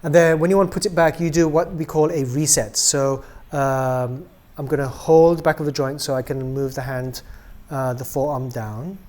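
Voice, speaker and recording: A man's voice: on the high side, normal speed. Chatty man demonstrating a doll, many ums. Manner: relaxed and chatty, many ums, trails off quietly at ends of phrases. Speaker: doll maker demonstrating a product. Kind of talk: casual product demonstration.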